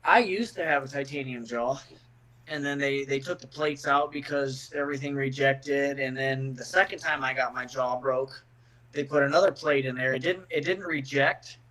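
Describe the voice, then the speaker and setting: A man's voice: mid-range voice, normal speed, a bit bright, poor audio. A middle-aged man, a fighter guest on a podcast, talking bluntly and profanely in casual chat, often repeating words as he starts a sentence.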